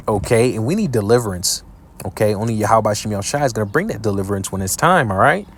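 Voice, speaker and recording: A man preaching scripture commentary while reacting to a video, profane and scornful, reading verses slowly. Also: fairly low pitch, animated, a little hiss or hum. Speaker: online preacher.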